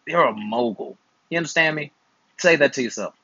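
A man's voice: a little high, expressive, brisk, bright, forceful tone, breathy edge, no echo, lo-fi sound. A man in his twenties, an uncle hosting a channel, chatting casually and playfully with slangy, teasing advice. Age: 20s. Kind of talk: casual chat while gaming.

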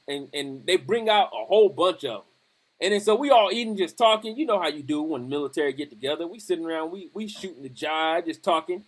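Man, podcast host, high voice, animated, laughing storyteller, casual chat. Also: fast talker, breathy edge.

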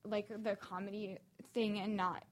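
A woman's voice: mid-range voice, flat delivery, measured pace. A woman co-hosting a podcast, chatting casually with a dry, sarcastic sense of humor. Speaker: podcast co-host.

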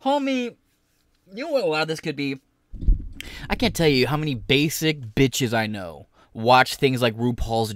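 A man's voice: medium pitch, no echo, studio quality. A man streaming an angry, profane live reaction to news footage.

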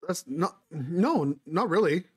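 A man's voice: on the high side, animated, slow pace, breathy edge. A young man co-hosting a podcast in casual chat, backing up his co-host, laughing along and talking in earnest.

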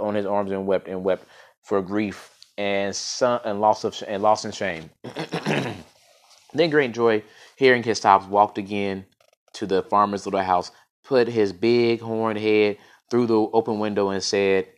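Male storyteller with a lowish voice; casual read-aloud of a folk tale, some stumbles. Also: steady tone, measured pace. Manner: unscripted-sounding reading with frequent restarts and fillers.

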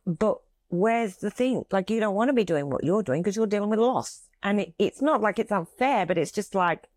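A middle-aged woman co-hosting a conversation, speaking haltingly and searching for words as she opens up about feelings. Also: medium pitch, lively intonation, a little mellow, dry recording. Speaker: podcast co-host. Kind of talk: casual emotional conversation.

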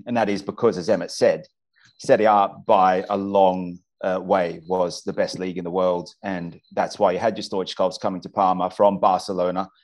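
A man's voice: low voice, little pitch movement, normal speed. A man from Australia with an Australian accent, a football commentator talking enthusiastically and restarting his sentences often on a casual podcast.

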